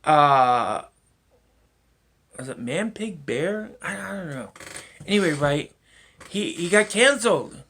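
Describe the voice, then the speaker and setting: A man's voice: fairly high pitch, expressive, takes it slowly, pauses often, fairly bright tone. A man rambling through a solo vlog monologue, swearing often and chuckling to himself. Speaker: vlogger.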